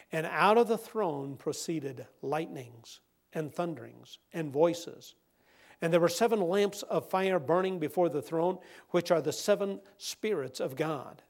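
A man preaching a sermon, who moves from a hushed scripture reading to loud, emphatic preaching and repeats words when worked up. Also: high-pitched.

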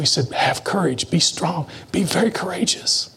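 A man delivers a sermon in a fairly high voice. He rises to emphatic lines, then drops to near-whispered asides. He reads scripture slowly and deliberately. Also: a bit bright, breathy edge. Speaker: preacher.

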